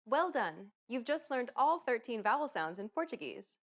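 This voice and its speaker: A woman narrates a scripted pronunciation lesson in a clear, encouraging way. Her voice sits a little high. Her pitch rises and falls freely as she explains each sound. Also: very animated, moderate pace, a bit bright.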